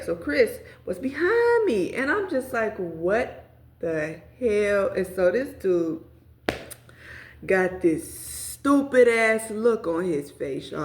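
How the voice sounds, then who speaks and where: A young adult woman tells a story straight to her viewers in a loose, profane, animated way. Her voice sits at an ordinary middle pitch. The room around her gives a noticeable echo. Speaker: storyteller vlogger. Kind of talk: casual storytime vlog. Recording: roomy echo.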